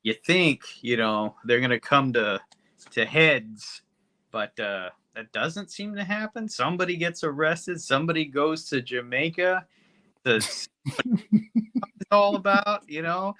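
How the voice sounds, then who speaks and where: A man's voice: on the high side, lively intonation, unhurried, pushed and bright. A man co-hosting a podcast, recapping a movie plot in a laid-back, rambling way. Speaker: podcast co-host. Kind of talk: casual movie review chat.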